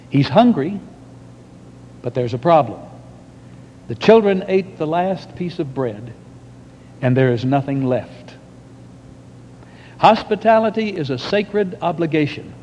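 Male preacher, unhurried dramatic sermon storytelling, higher voice, long hall echo. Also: a little mellow. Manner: slow and dramatic, long pauses. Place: church hall with audience. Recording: long hall reverb, dull lo-fi, faint rumble.

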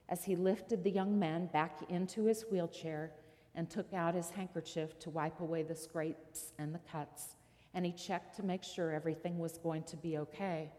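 A woman's voice: fairly low pitch, dark tone, long reverb tail. A woman preacher giving a sermon, telling a story and asking the listeners rhetorical questions.

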